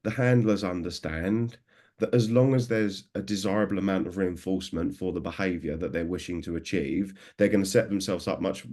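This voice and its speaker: A man's voice: deep voice, steady tone, fairly quick, a little mellow. A man in his thirties, a dog trainer, talking enthusiastically in a conversational interview and acting out what others said. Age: 30s. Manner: enthusiastic, acts out quoted remarks.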